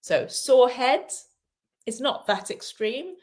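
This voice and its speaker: A woman's voice: a little high, sing-song, slow pace. A woman from Wales teaching an English lesson in a live online class, patient and encouraging, repeating key phrases.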